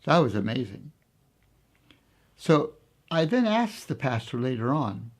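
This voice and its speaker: A man being interviewed, telling a story in a reflective, hesitant way with many pauses and fillers. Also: medium pitch, sing-song.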